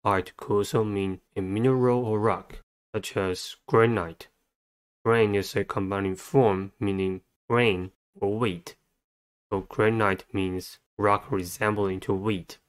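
Slow, low-voiced man teaching vocabulary. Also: steady tone. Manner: slow, deliberate, spells words letter by letter. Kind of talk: methodical spelling lesson.

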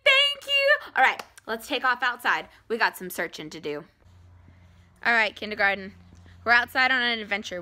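A young woman teaching kindergarten, singing and talking in an animated, exaggerated way with gasps and cheers. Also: on the high side. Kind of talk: sing-song lesson for young children. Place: outdoors on a farm.

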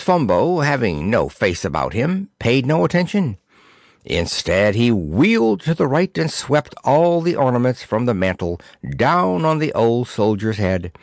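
A man reading a children's storybook aloud in an expressive, theatrical way. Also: medium pitch, no echo, studio quality. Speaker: audiobook narrator. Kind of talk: storybook narration.

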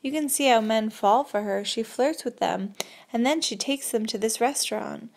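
A woman's voice: on the high side, vocal fry. A woman voicing a nervous, agitated young man who talks in blunt slang and mutters sourly. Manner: muttering, sour and hurried.

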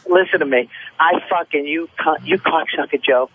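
A man's voice: on the high side, normal speed, phone-quality sound. A man calling in to a radio show from a stairwell and then the street, irritated and profane, talking over the others. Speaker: caller. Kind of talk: radio call-in banter. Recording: call-in line with background noise.

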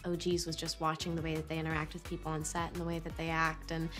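A young actress speaks in a bubbly press junket chat, often breaking into laughter. Her voice sits a little low for a woman. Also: completely flat delivery, fast talker, fairly bright tone, soft background music. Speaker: actor promoting a film.

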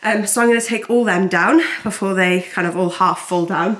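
A woman's voice: mid-range voice, normal speed, fairly bright tone. A young woman vlogging casually at home, a mother who chats away and fills her talk with "like" and "literally". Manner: chatty, says "like" and "literally" constantly. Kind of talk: casual home vlog chat. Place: home interior. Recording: echoey room with faint noise.

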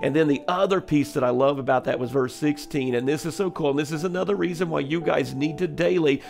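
Gravelly, earnest church pastor. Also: male voice, on the high side, a little fast, few pauses, darkish tone, soft background music. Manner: earnest, conversational, with many fillers and restarts. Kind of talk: devotional teaching.

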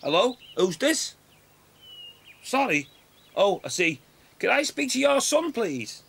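A woman's voice: on the high side, very animated, slow pace, gravelly, a little hiss or hum, full character voice. A woman playing a flustered husband. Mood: awkward. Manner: flustered, stammering excuses. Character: nervous cheating husband on honeymoon.

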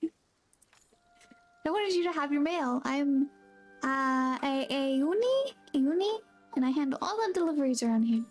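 A woman reading aloud the lines of a cheerful young courier boy from a game, upbeat and quick. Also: high voice, expressive, soft background music. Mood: eager.

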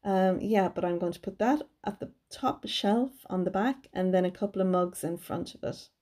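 A woman's voice: medium pitch, normal speed, darkish tone. A woman giving a chatty, cheerful craft tutorial voice-over from her home craft room. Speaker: card-making crafter.

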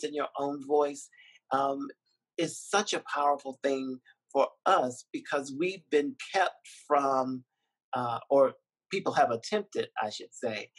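A man, a filmmaker and dean, speaking on a video call in a reflective, emotional way with frequent pauses and soft laughs. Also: fairly high pitch, poor audio. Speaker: documentary filmmaker and university dean. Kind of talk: virtual interview conversation.

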